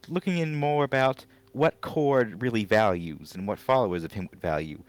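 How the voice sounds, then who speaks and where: A man role-playing his character in a measured, persuasive way, with a posh British accent that keeps a Southern US twang. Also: mid-range voice. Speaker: player.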